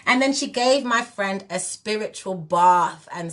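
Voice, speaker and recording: A singer in her forties from England rants on a livestream, impassioned and defiant, repeating herself for emphasis as her British accent slips into Jamaican patois. Her mid-range voice has lively intonation and a bit of brightness, and she speaks a little slowly.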